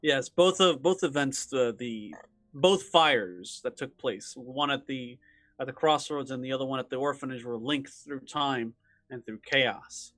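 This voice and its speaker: Bright-voiced man running a tabletop game. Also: mid-range voice, unhurried, faint music behind. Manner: casual, chuckling, full of fillers. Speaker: game master.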